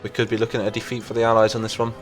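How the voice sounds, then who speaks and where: A young man giving casual, excitable commentary over a war strategy game as the channel's host, reacting aloud to the fighting. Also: on the low side, racing. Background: game music and gunfire.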